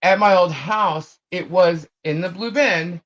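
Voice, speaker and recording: A woman's voice: lowish voice, measured pace, dull audio. A woman co-hosting a live chat show, telling a long story in a rambling way, full of fillers and repeated phrases.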